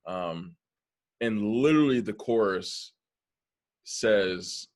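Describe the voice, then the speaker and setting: A man's voice: low voice, moderate pace. A man hosting a podcast in casual conversation, an attentive listener who backs the speaker with frequent "mm-hmm". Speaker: podcast host.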